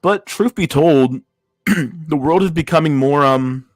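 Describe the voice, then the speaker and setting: A man's voice: on the high side, slow, dry recording. A man hosting a casual livestream, reacting to memes with crude slang-heavy banter. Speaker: livestream host.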